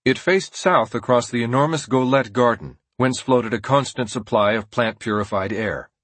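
A male narrator reads a nonfiction audiobook with a steady, measured delivery. His husky voice sits at an ordinary middle pitch. The sound is dry and close, with no trace of room echo.

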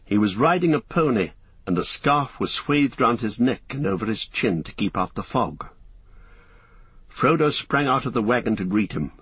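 Male narrator, low and slightly husky, measured audiobook storytelling, dry booth sound. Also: lively intonation, fairly bright tone, no room sound.

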